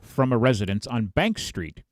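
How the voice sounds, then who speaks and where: A male podcast host reading out police blotter headlines in a casual, animated way, laughing as he goes. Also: mid-range voice, moderate pace, dry recording, studio quality.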